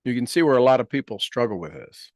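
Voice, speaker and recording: A man leading a guided meditation, speaking affirmations slowly and gently, repeating each phrase with soft trailing endings. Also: mid-range voice, expressive, no echo, clean studio sound. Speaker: meditation leader.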